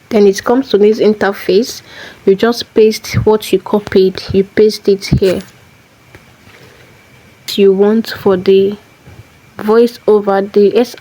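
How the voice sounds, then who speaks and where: A woman at an ordinary middle pitch talks through a screen-recorded tutorial in a warm, mellow voice. She moves methodically from one step to the next and often repeats key phrases. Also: poor audio. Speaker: tutorial host.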